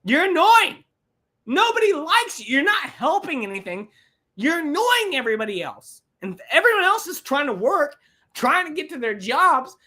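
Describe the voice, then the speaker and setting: A woman's voice: sits high, very animated, normal speed, bright, forceful tone. A woman hosting a livestream podcast, ranting with lots of swearing and repetition. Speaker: podcast host.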